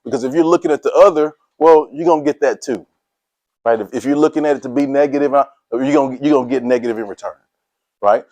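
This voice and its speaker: A middle-aged man giving a motivational talk to a sports team, energetic and casual, quizzing his listeners and laughing often. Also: mid-range voice, fast talker, dry recording. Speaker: motivational speaker.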